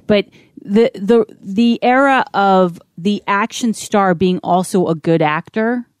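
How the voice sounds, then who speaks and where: A woman's voice: mid-range voice, takes it slowly, dry recording, clean studio sound. A woman co-hosting a film review podcast, talking in a conversational, agreeable way. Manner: conversational, agreeable, plain-spoken. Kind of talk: casual film review chat.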